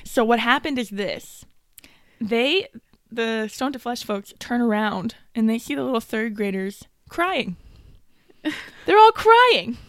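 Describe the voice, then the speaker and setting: Lively higher-voiced woman telling a story. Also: takes it slowly, no room sound, clean studio sound. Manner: animated storyteller, acts out quotes, laughs often. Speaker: podcast co-host. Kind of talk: casual chat, storytelling.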